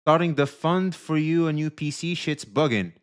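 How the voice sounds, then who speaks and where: A man live-streaming, who swears a lot and keeps thanking donors in a casual, animated way. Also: on the high side, normal speed, smooth. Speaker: livestreamer.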